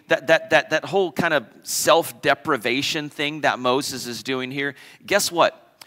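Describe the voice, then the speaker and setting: A man's voice: fairly high pitch, steady tone, slow pace, sharp tone, in a large hall. A man preaching a sermon as pastor, emphatic, repeating key phrases and asking the congregation questions. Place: church sanctuary.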